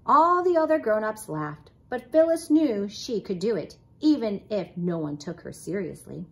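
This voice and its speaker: A preschool teacher, a woman, reading a picture book aloud with expressive storytelling. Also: mid-range voice, normal speed, few pauses, husky.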